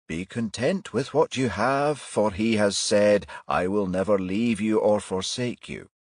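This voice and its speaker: A man's voice: fairly low pitch, unhurried, dry recording. A man voicing a male detective constable, matter-of-fact with a dry humour.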